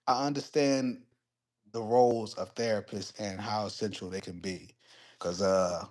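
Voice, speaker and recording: On a live stream, a man casually tells a story and answers chat, swearing freely, getting heated when retelling conflicts, and tossing quick asides to viewers. His voice is medium-pitched and a little mellow.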